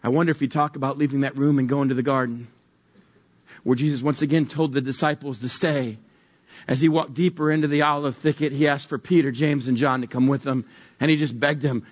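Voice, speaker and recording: A man preaches a sermon by retelling a story, wondering aloud and joking casually with his listeners in a conversational way. His medium-pitched voice stays steady in tone and moves fairly quickly.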